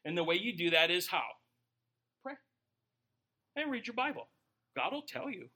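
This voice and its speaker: A man preaching a sermon as a pastor, joking and talking to the congregation in a casual, animated way. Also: high voice, moderate pace.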